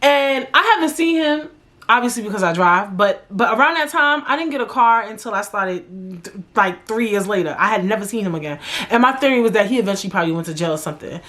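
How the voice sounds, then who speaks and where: A young woman from New York hosting a podcast, telling a story in an animated, profane, slangy way. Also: medium pitch, quick pace. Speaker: podcast host. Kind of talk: casual storytelling monologue.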